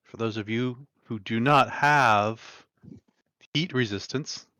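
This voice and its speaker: Man, game master, casual narration, halting fillers, dry close sound. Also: mid-range voice, bright, forceful tone, no echo.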